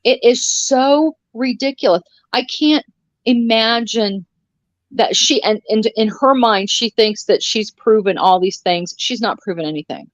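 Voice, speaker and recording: A woman's voice: fairly high pitch, unhurried, no room sound, low-quality recording. Blunt, profane woman in her sixties. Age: 60s. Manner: blunt and profane, ranting with sarcasm. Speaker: co-host of a live commentary stream. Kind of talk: casual live-stream chat.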